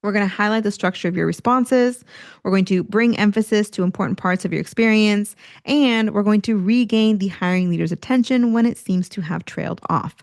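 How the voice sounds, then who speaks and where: A woman hosting a career podcast, coaching listeners in an energetic teaching manner and acting out examples of tone as she goes. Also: mid-range voice, a little fast, no room sound, clean studio sound. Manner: energetic, demonstrates tone shifts, occasional laughs.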